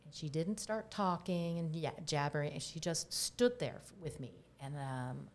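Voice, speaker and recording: A woman's voice: low voice, expressive, normal speed. A middle-aged woman, a guest on a talk show, telling personal stories in a candid, reflective way that sometimes sinks to a near-whisper. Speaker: guest, herbalist.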